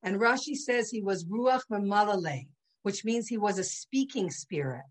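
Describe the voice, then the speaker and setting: A woman gives a relaxed religious class with a mid-range voice. Her talk is loose and chatty. She keeps turning to her listeners with quick asides. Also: mid-range voice, low-quality recording. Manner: chatty, full of "you know" and "right?" asides. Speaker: Torah class teacher.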